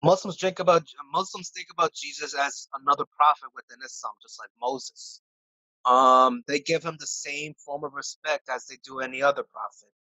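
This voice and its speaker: A man answering interview questions in a casual, halting way, often restarting his sentences. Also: a little high, sharp tone, dry recording, poor audio. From United States. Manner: halting, many restarts and fillers. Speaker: interview guest.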